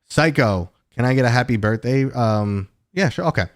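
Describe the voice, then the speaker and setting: A man's voice: mid-range voice, expressive, normal speed, no echo, studio quality. A man in his thirties hosts a livestream, chatting casually and rambling as he answers viewer questions. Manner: rambling, chatty, with many fillers and restarts. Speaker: host.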